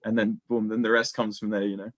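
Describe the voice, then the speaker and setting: A young man with an Australian accent chatting casually as an interview guest, slangy and relaxed. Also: lowish voice, fast, no room sound. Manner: laid-back, slangy, says "man" and "bro" a lot. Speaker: guest, MMA YouTuber.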